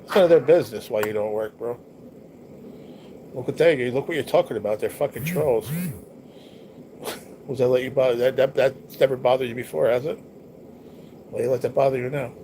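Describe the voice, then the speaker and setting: A man's voice: mid-range voice, fairly quick, mellow, poor audio. A man hosting a casual livestream, chatting bluntly to viewers with lots of swearing and slang. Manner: blunt, profane, rambling talk to viewers. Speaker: livestream host. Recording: noticeable background noise.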